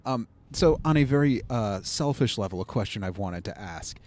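A male interviewer with a somewhat low voice and a Cleveland accent asks easygoing questions. He keeps the talk moving with quick, encouraging replies. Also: lively intonation, a little mellow. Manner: encouraging, frequent short acknowledgements. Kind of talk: conversational interview.

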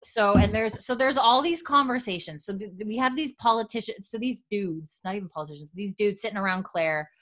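A woman chatting casually and retelling a plot in a rambling, animated way. Her voice sits at a middle pitch and she leans on fillers like "you know" and "like" as she goes. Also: brisk, few pauses. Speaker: podcast co-host recapping a show. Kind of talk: casual chat, retelling scenes with quoted voices.

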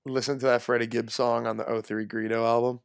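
A young man with a gravelly voice full of fry, co-hosting a casual podcast. He asks his questions in a playful, teasing way, and the recording is dry and close. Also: mid-range voice, level tone, quick pace, no room sound. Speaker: podcast co-host asking questions. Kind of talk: casual chat.

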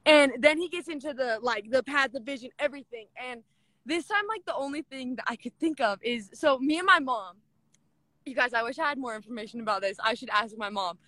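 Bright, high-voiced young woman gushing. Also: brisk, dry recording. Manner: gushing, filler-heavy with constant "like"; retells scripture as chatty dialogue. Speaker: devotional speaker. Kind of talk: casual scripture talk.

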